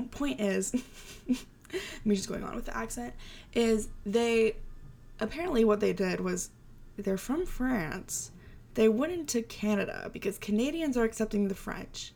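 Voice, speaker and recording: A woman's voice: on the high side, animated, unhurried, creaky, darkish tone. A young adult woman hosting a solo podcast, talking in a chatty, casual way with lots of "like" fillers. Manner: chatty, full of "like" and "you know" fillers. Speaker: podcast host.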